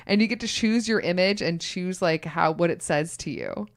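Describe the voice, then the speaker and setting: A woman's voice: lowish voice, moderate pace. Chatty woman podcast co-host. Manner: chatty, rambling with many fillers. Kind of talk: casual chat.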